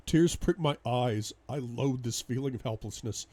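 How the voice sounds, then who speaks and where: A man's voice: medium pitch, moderate pace, hardly any pauses, a little mellow. A man reading a first-person audiobook in an intense, dramatic way. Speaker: audiobook reader.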